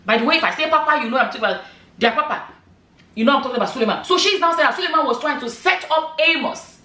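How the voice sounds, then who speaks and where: Fast, sharp, and animated, a middle-aged woman with a high voice delivers casual vlog commentary full of emphasis, rhetorical questions, and "you know" asides. Her voice sounds a bit distant in an echoey room.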